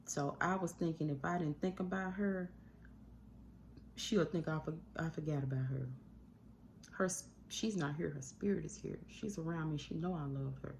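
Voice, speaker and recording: Low gravelly woman talking into her phone. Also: darkish tone, slight background noise. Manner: earnest, rambling, slows and speeds up often. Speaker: YouTube channel host. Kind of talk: emotional talk to camera about grief. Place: at home indoors. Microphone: phone mic.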